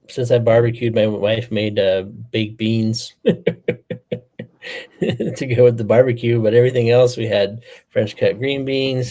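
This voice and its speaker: A man's voice: on the low side, dark tone. Easygoing male guest from the Southwest, casual chat tone. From American Southwest. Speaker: podcast guest.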